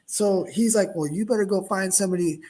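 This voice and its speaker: A middle-aged man spins a long casual story, his voice sitting a little higher than most men's. He talks in an animated way and slips into the voices of the people he describes. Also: brisk. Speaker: host, product owner.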